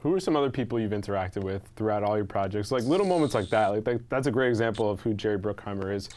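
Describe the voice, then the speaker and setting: Male interviewer, quick and upbeat, faint background hiss. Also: fairly low pitch, lively intonation, darkish tone. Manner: upbeat, quick, laughs along. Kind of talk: casual interview chat.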